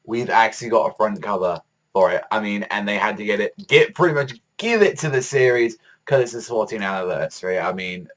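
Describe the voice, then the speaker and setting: A man's voice: on the low side, brisk. A man giving a casual, rambling review of a manga chapter, swearing often and filling his talk with "like". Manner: rambling, profane, heavy use of "like"; excitable fan enthusiasm.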